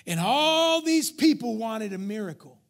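In church, a man preaches emphatically, joking with his flock while his volume lurches between shouts and almost-whispers. His pitch sits extremely high, rising and falling widely, and he takes his time.

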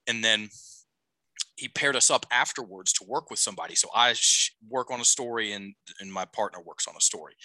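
A man's voice: mid-range voice, pushed and bright, no room sound, rough recording. A middle-aged man, a life coach, telling a long story on a podcast, restarting sentences and checking in with "okay?". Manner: rambling, self-correcting, frequent "okay?" check-ins.

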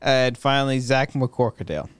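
A man's voice: medium pitch, expressive, moderate pace. A man hosting a podcast in casual chat, joking loosely and swearing as he signs off. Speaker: podcast host.

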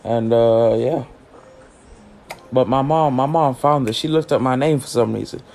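A man's voice: mid-range voice, unhurried, gravelly, darkish tone. A teenage boy hosting a casual solo podcast, rambling and joking in heavy slang with lots of cussing. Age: late teens. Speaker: podcast host.

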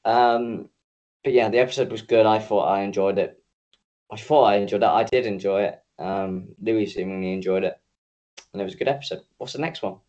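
A man's voice: lowish voice, fairly even intonation, fairly quick, darkish tone, dull audio. A man co-hosting a podcast in casual chat, ranting, swearing freely and teasing his co-host.

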